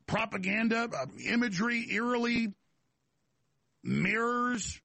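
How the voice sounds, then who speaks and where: Gravelly, high-voiced talk show host, rambling. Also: male voice, unhurried, sharp tone, no room sound. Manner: rambling, emphatic, full of restarts and repeated words. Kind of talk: political talk monologue.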